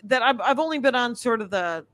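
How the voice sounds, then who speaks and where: A woman's voice: fairly high pitch, lively intonation, fairly quick, fairly bright tone, dry recording. A middle-aged woman comedian telling wry stories in a casual podcast chat. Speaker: comedian guest.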